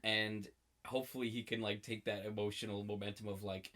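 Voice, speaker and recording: A woman's voice: extremely low pitch, level tone, brisk, fairly bright tone. A woman co-hosting a casual podcast, recapping a TV episode with dry, wry commentary and laughs. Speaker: podcast co-host.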